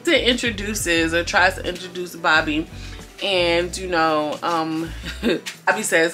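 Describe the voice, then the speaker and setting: A woman's voice: fairly low pitch, unhurried, sharp tone, soft background music. A woman giving a casual, gossipy recap of a reality TV episode, chatting to her viewers and laughing often.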